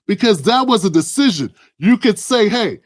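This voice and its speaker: A man's voice: sits high, very animated, moderate pace. A man hosting heated political commentary, blunt and emphatic with profanity.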